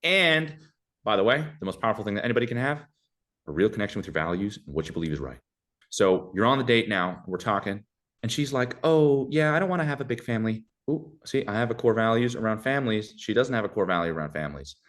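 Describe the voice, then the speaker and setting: A young man talks fast in a low, deep voice, handing out casual advice as a podcast guest. He is animated and slips into other voices to act out short exchanges. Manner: animated, acts out dialogue in shifting voices.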